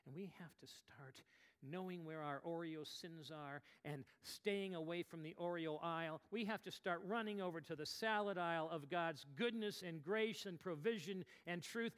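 A man preaching a sermon as pastor, swinging from near-whispers to loud outbursts. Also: sits high, smooth. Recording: long reverb of a large hall.

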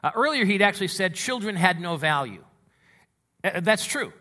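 A man preacher explaining a Bible passage in a conversational, animated way and reading scripture aloud. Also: high voice, normal speed. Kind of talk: sermon.

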